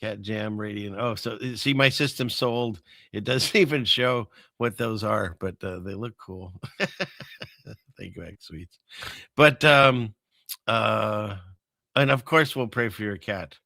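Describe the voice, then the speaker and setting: A man's voice: lowish voice, a little slow, gravelly, bright, forceful tone, no echo, clean studio sound. A man hosting a casual livestream, rambling through viewer comments and chuckling often between remarks. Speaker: livestream host.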